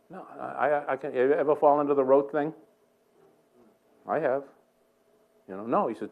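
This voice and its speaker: An older man with a Boston accent, preaching a sermon in a church in a joking, conversational way with quick asides. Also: medium pitch, vocal fry, narrow, tinny audio. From Boston area. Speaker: guest preacher. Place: church sanctuary.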